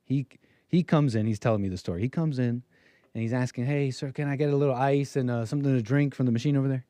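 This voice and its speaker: A man's voice: medium pitch, fast, warm tone, dry recording. Dry, rambling male livestream host. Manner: rambling, wry, puts on voices when quoting people. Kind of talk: casual storytelling monologue.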